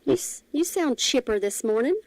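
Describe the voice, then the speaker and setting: A woman's voice: on the high side, expressive, moderate pace, vocal fry, a little mellow, no room sound. A woman co-hosting a morning radio show, friendly and teasing with easy laughter. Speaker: radio co-host. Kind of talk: casual radio chat. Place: radio studio.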